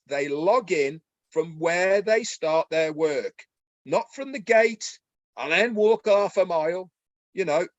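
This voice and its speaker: A man co-hosting a webinar, talking excitedly in a folksy way and asking rhetorical questions. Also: sits high, dry recording, highs cut off. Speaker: webinar co-host. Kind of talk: enthusiastic promotional webinar talk.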